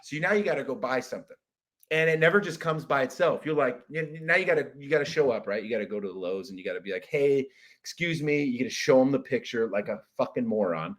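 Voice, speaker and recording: A young adult man hosting a comedy podcast, ranting in an exasperated, profane monologue and jumping into loud shouted impressions. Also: mid-range voice, animated, fast talker. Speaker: podcast host.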